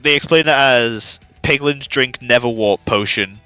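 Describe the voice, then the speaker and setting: A man's voice: mid-range voice, unhurried, sharp tone, clean tone, no echo, soft background music. A man streaming, recapping in casual chat with rambling, profane storytelling.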